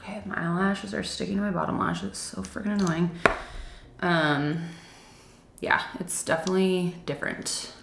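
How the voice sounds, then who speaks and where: A woman's voice: lowish voice, fairly even intonation, normal speed, vocal fry, background noise. A young woman chatting casually through a makeup review, chatty and self-deprecating, with frequent fillers. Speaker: beauty vlogger. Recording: echoey room.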